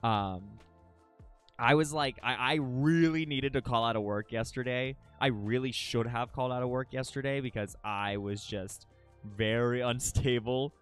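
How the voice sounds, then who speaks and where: A man's voice: mid-range voice, a little slow, a bit bright, clean tone, soft background music. A young man streaming live, chatting to viewers in a rambling, emotional way, swearing often and restarting his sentences. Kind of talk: casual chat with stream viewers.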